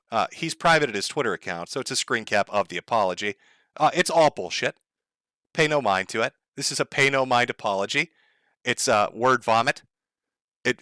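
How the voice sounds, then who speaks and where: A man's voice: mid-range voice, sharp tone, no room sound, clean studio sound. A man giving mocking, profane online commentary, sarcastic and laughing at his own jokes.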